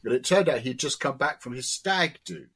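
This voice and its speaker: Lively, husky-voiced male guest. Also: mid-range voice. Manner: animated storyteller, halting restarts. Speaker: guest wine writer. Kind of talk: casual chat.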